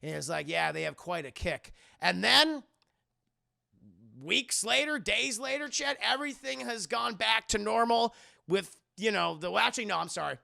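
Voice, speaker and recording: A man's voice: sits high, lively intonation, moderate pace, creaky, bright, forceful tone, no room sound, clean studio sound. A man streaming a rambling, profane movie recap and correcting himself as he goes. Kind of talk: casual film recap on a livestream.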